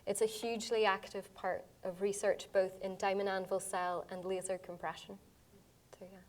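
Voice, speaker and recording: Brief: woman researcher, voice going hoarse, fielding audience questions step by step with quick asides. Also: mid-range voice, level tone. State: losing her voice. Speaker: scientist giving a public lecture.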